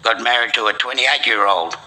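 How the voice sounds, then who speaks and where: A man's voice: mid-range voice, brisk, pushed and bright, poor audio. An older Australian man telling a string of jokes in a rambling yarn-spinning way, chuckling at his own punchlines. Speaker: joke teller. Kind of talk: casual joke-telling.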